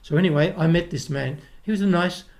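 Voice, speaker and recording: Older man, Australian accent, gravelly, slightly high voice, rambling storyteller, interview guest. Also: fast, a little mellow. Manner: rambling anecdotes with restarts, acts out quoted voices. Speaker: guest, retired opera tenor.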